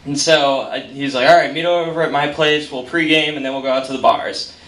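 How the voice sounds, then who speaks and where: A man's voice: a little high, steady tone, a little fast, a bit bright. A man telling a self-deprecating comic story on stage in a bar, quoting people in voices, with the audience laughing. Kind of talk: live stand-up storytelling. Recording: roomy, distant mic, noisy bar.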